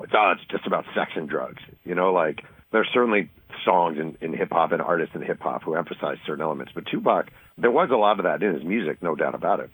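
A man from New York, an author talking as a guest in an interview, telling a story quickly and acting out the voices of the people in it. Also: deep voice, slightly rough, poor audio. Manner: fast, animated storytelling, acting out quoted voices.

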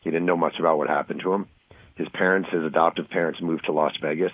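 A deep-voiced man from New York races through a story as an interview guest, slipping into the voices of the people he describes. His voice has a husky edge, and it comes across with a radio broadcast sound. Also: low-quality recording. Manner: fast, animated storytelling, acting out quoted voices. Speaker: author and guest.

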